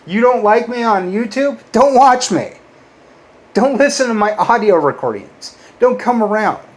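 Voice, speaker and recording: Combative male YouTuber, mid-range voice, resentful rant, loud jumps and muttered low insults. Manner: bitter, combative, swears a lot. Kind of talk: ranting to-camera monologue.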